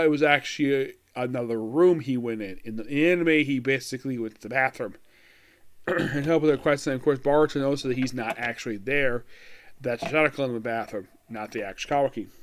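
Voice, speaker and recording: A man talking through an anime episode in casual commentary, rambling with lots of fillers, restarts and wry asides. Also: mid-range voice. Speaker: anime reviewer.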